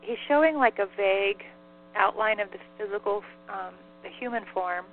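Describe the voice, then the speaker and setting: A woman giggles her way through relaying messages from a spirit on a casual call-in, leaning heavily on "like" as a filler. She speaks at medium pitch and moderate speed. The phone line has a faint mains hum.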